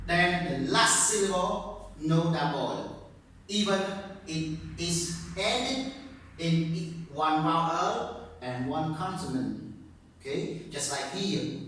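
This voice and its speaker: A male English teacher giving a grammar lesson, speaking slowly and repeating points, checking "okay?" often, with non-native grammar. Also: on the high side, fairly bright tone, slight background noise. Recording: very echoey room, distant mic.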